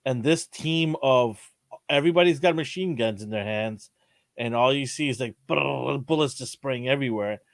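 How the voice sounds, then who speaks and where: A man's voice: mid-range voice, moderate pace, no room sound. A man co-hosting a casual podcast, talking about a TV episode with playful jokes and vivid exaggeration. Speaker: podcast co-host. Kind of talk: casual chat reviewing a TV episode.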